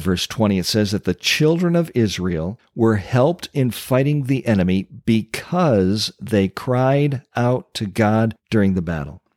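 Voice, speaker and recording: A man preaching a sermon, teaching step by step with emphatic pauses and dramatic asides. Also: fairly low pitch, a little mellow, no echo, clean studio sound. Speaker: pastor.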